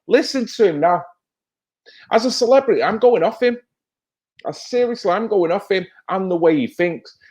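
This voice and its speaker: A man's voice: sits high, lively intonation, normal speed, long pauses, darkish tone. A man commenting on TV clips in a heated, emphatic rant, often tagging his points with "right?". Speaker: video commentator. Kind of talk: reacting to TV clips, ranting.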